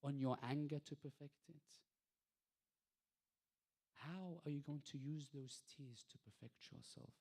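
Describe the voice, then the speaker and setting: A man delivers a religious lecture to a gathered audience. His voice sits slightly high for a man. He often poses rhetorical questions and moves between hushed, soft passages and loud, emphatic peaks. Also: normal speed, vocal fry. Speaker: lecturer at an Islamic centre.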